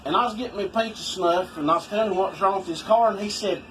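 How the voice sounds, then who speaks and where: A man's voice: high-pitched, quick pace, fairly bright tone, soft background music, rough recording. A man telling rambling, folksy stories in casual talk. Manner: folksy, rambling, swoops for effect. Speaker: storyteller vlogger.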